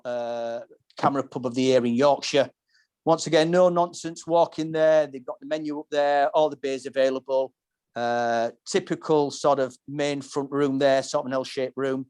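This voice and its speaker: A man's voice: medium pitch, a little mellow, smooth. Rambling male pub-podcast host. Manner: rambling, descriptive storytelling with frequent restarts. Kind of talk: casual pub-talk podcast.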